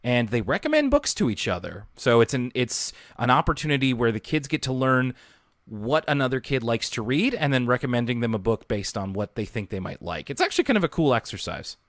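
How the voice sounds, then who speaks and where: A man's voice: mid-range voice, very animated, fairly quick, no room sound, studio quality. A man co-hosting a podcast, recapping a cartoon episode in casual chat and laughing often. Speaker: podcast co-host.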